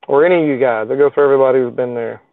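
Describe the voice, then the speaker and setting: This live stream host races along in a mid-range voice, chatting casually from his car in a parking lot. Fillers and folksy asides run all through his rambling talk, which sounds thin, tinny and phone-like, close and dry without any room around it.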